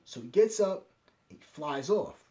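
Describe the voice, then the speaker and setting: A young man casually recapping an anime episode scene by scene, acting out each character's lines in quick quoted bits. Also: fairly high pitch, expressive, dark tone. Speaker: anime reviewer.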